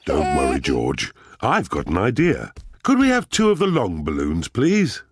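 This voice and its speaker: A man's voice: low-pitched, wildly swooping pitch, unhurried, over music, heavily acted. A man voicing a cheerful, confident grown-up male pig father in a cartoon.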